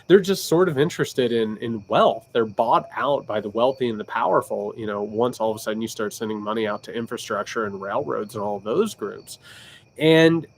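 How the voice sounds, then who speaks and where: A man's voice: on the low side, normal speed, gravelly, a little hiss or hum. A man with a Southern Indiana accent talking casually on a livestream, loose and candid, often restarting his sentences as he answers viewer questions. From Indiana, United States. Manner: animated, with frequent restarts. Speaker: political commentator livestream host.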